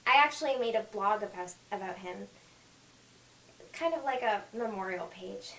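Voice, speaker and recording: A woman acting an overeager, chatty teenage girl in an audition reading, talking in quick gushing bursts. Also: medium pitch, expressive, fairly bright tone, slight background noise, pitched below the performer's own voice. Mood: eager. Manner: rapid, overbearing chatter. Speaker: auditioning actress. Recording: echoey room, faint music, from far off.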